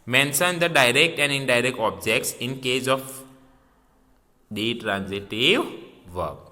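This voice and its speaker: A male teacher walks through a grammar lesson at an unhurried, deliberate pace. His voice is bright and sharp-edged, and he repeats key words and poses questions that he answers himself. The sound carries a long reverb. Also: mid-range voice.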